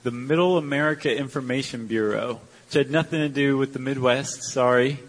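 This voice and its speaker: A man's voice: medium pitch, fairly quick. A man co-hosting a podcast live on stage, telling a story in a chatty, joking way. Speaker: podcast co-host. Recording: long reverb from a live stage hall.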